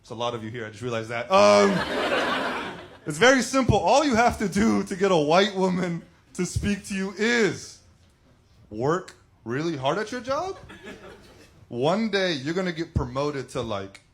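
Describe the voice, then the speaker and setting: A man doing stand-up with a dry, deliberate setup-and-punchline delivery. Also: sits high, sing-song, vocal fry. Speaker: stand-up comedian. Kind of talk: stand-up routine.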